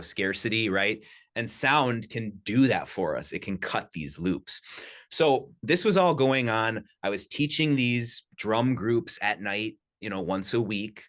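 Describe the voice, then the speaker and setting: Low-voiced man telling lively stories. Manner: animated anecdotes full of "you know" and "like". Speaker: podcast guest, sound healer. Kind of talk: casual storytelling. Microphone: studio podcast mic.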